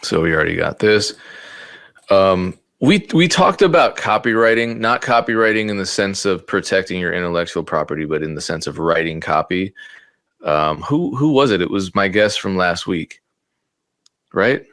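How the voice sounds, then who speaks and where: A man with a very low voice teaches a casual online class, thinking out loud as he types and restarting his sentences. Now and then he cracks a sarcastic joke. The sound is dry and close, with no room around it. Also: expressive, normal speed, dry recording. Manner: thinks aloud, stumbles and repeats words while typing; joking and sarcastic at times. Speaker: music producer teaching a beat-selling class. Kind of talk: casual live-streamed tutorial.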